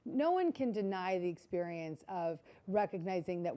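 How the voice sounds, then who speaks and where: A woman's voice: on the low side, expressive, moderate pace, hardly any pauses, warm tone. A woman giving a keynote talk to a live audience, earnest and repetitive, often asking the audience questions. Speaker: keynote speaker. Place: conference hall before a live audience.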